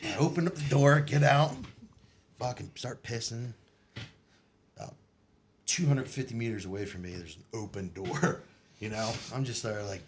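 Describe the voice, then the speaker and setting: A man telling his military stories in casual podcast chat, swearing often, laughing, and shouting out the quoted lines. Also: medium pitch, normal speed, long pauses. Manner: profane, laughing, acts out quotes loudly. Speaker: podcast guest. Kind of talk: casual storytelling.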